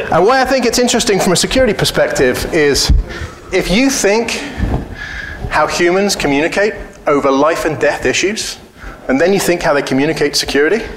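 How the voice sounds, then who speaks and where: A man's voice: fairly high pitch, fairly bright tone. A man giving a casual conference talk, informal and joking, blunt and often profane. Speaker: conference speaker. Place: conference hall. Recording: echoey hall with faint ambience.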